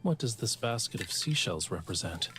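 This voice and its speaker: A woman voicing a teasing, languid male sea god from a game, reading his lines slowly with sly mock innocence. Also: very deep voice, sing-song, over music, voice pushed down. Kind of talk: reading game dialogue aloud.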